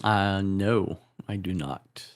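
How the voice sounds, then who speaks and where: A man's voice: low voice, slow, no room sound. A man co-hosting a podcast, chiming in with short reactions and chuckles. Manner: brief reactive interjections, chuckling. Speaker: podcast co-host. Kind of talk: casual chat.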